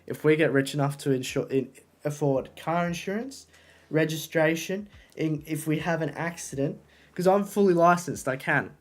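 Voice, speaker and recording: An excitable young man chats casually with his live-stream viewers, swearing freely as he reacts. His voice sits a little higher than most men's. He talks into a desk microphone. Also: normal speed. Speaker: livestreamer.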